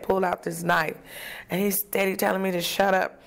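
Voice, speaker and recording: A woman's voice: medium pitch, little pitch movement, brisk, creaky, fairly bright tone. A woman guest recounting her past in an interview, a vivid storyteller who acts out the voices of people she quotes. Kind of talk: personal testimony in an interview.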